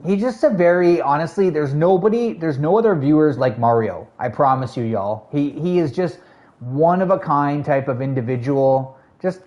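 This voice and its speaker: A man's voice: a little high, a little mellow. A man streaming a video game, chatting casually with his viewers, greeting them and answering their messages with frequent laughs. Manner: chatty, laid-back, greets and answers chat, laughs often. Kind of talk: casual live-stream chat while gaming.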